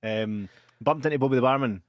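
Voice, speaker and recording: A man's voice: mid-range voice, brisk, dry recording, clean studio sound. A Scottish man co-hosting a podcast in casual chat, rambling through stories and laughing a lot. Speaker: podcast co-host.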